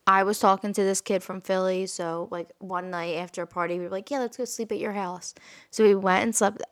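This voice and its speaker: A woman's voice: medium pitch, steady tone, brisk. A young woman co-hosting a podcast in casual chat, laughing often and swearing freely. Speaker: podcast co-host.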